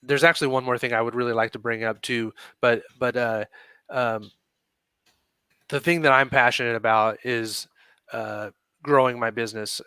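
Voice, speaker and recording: Business owner on a podcast, rambly, lots of ums, bright clear voice. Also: male voice, mid-range voice, fairly even intonation, normal speed, no echo. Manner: rambling, hesitant, many fillers. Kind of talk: casual podcast chat.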